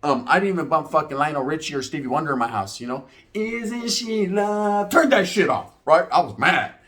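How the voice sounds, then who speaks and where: Here a reaction video host in his forties sounds on the high side, fast and fairly bright. He's telling a story and weighing in with casual, profane street language, regularly adding "right?" to what he says.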